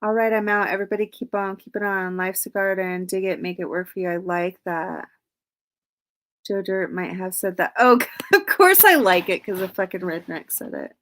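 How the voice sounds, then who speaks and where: A woman's voice: medium pitch, moderate pace, fairly bright tone. Woman livestream host, casual and profane, reads viewer comments aloud.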